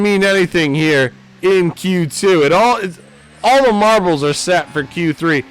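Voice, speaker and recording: Excitable tipsy man calling a sim race. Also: a little slow, smooth. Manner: excitable, swings from low mutters to loud calls. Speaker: sim racing commentator. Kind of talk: live race commentary.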